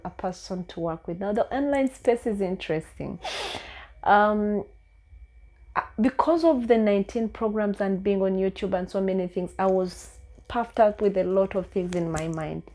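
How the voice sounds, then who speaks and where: A woman's voice: mid-range voice, normal speed, mellow. A young woman with a Ugandan English accent, earnestly telling a personal story in a vlog, with many fillers and repeated words. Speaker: vlogger.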